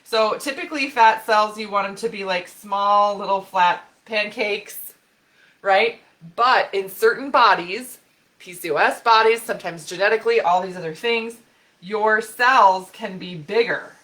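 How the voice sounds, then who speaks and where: A woman health expert giving an animated talk on camera, getting fired up and laughing as she explains while sketching on a board. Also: mid-range voice, measured pace. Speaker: women's health and hormone expert. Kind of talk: educational video talk.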